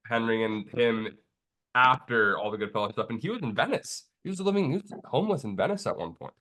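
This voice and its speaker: An easygoing man in a relaxed podcast conversation, voice at an ordinary pitch for a man. He speaks a little hesitantly, often dropping in brief agreeing replies. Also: a little fast. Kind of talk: casual chat.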